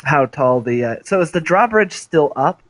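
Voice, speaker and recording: A man's voice: a little high, expressive, moderate pace, dry recording. A man playing a tabletop game, asking questions hesitantly between his moves. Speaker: player.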